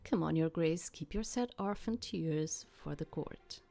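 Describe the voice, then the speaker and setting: A man's voice: on the high side, unhurried, gravelly, dark tone, faint music behind. Woman reading as a sardonic male advisor. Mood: mocking. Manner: dry, mocking.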